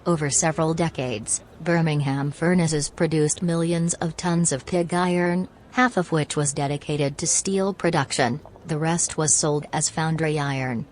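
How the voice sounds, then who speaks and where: Brief: deadpan woman host, deep voice, matter-of-fact. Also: unhurried, few pauses. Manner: dry, businesslike, reads facts plainly.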